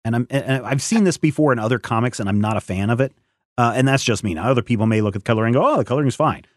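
A man's voice: mid-range voice, racing, no echo, clean studio sound. Musing male comic reviewer. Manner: thoughtful, musing, hesitant with fillers. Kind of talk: casual podcast chat.

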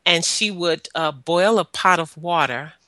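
A woman tells her own story in an earnest, halting way, stopping often to gather her words. Her voice is bright and forceful. It sits dry and close, with no room sound around it. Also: fairly low pitch, dry recording. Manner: earnest, halting with frequent pauses. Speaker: guest sharing her life story. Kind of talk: personal testimony, storytelling.

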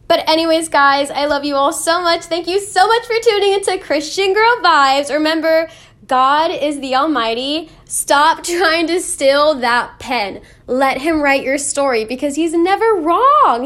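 A woman's voice: sits high, fairly bright tone. A young woman hosting her own faith podcast, talking earnestly and chattily with lots of "like" and little laughs. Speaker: podcast host. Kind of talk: casual faith podcast talk.

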